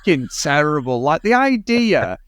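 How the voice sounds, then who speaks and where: A man's voice: on the high side, sing-song, moderate pace, a bit bright, smooth, no echo, studio quality. A British man co-hosting a podcast, ranting animatedly and swearing about a film in casual chat. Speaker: podcast co-host.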